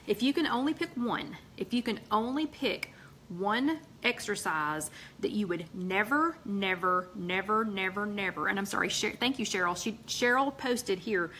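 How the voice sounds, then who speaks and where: A woman's voice: medium pitch, bright, forceful tone, slight background noise. A woman hosting a casual livestream chat, rambling with many ums and reading out viewer comments. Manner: chatty, rambling, with many ums and quick asides. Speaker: host of a weekly weight-loss livestream chat.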